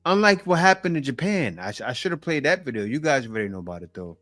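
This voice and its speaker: A man hosting a commentary video, reacting to clips in an animated, preachy way. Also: medium pitch, soft background music. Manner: animated, preachy, slow and emphatic. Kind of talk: casual commentary.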